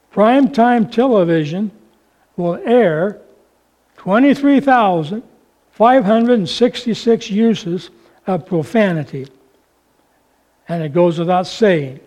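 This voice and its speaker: A man preaching a sermon, with slow, emphatic, drawn-out phrasing. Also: high-pitched, darkish tone.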